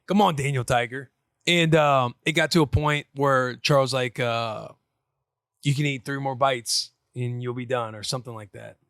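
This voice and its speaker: A man in his thirties tells a rambling, animated story about his small daughter on a casual podcast. He jumps between quoted voices and easy chat. His voice sits mid-range and sounds close and dry. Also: medium pitch, normal speed, smooth, no echo. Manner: excitable, acts out his daughter and himself in quotes. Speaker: podcast co-host, former football player.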